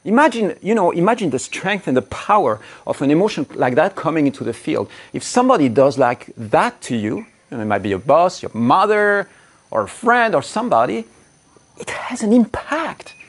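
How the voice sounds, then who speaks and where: A man's voice: a little high, sing-song, moderate pace, husky. A man giving blunt relationship coaching straight to camera, cursing and speaking with strong emphasis. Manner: blunt, emphatic, swears freely, acts out angry quotes. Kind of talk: direct-to-camera coaching talk.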